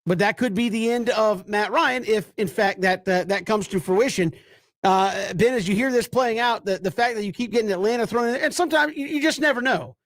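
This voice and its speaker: A man co-hosting a sports talk radio show, chatty and quick, with playful asides. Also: high voice, fairly bright tone, dry recording, clean studio sound.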